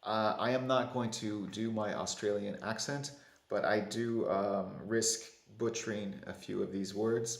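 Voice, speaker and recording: A man's voice: fairly low pitch, fairly even intonation, unhurried, creaky. A man hosting a book quiz, chatty and self-deprecating with playful asides. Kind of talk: casual quiz presentation to camera. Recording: roomy echo.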